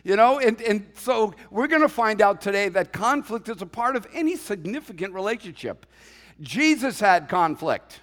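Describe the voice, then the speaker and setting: A pastor preaches conversationally, joking and acting out quotes as he goes. His voice sits high and is very animated and a bit bright, at normal speed, with long hall reverb on the recording.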